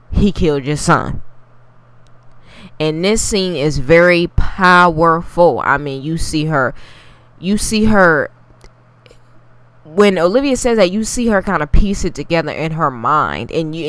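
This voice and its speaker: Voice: mid-range voice, measured pace, fairly bright tone, clean tone, no room sound. A TV recap reviewer giving a casual, blunt, profane take and talking straight to the viewers. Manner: addresses viewers directly.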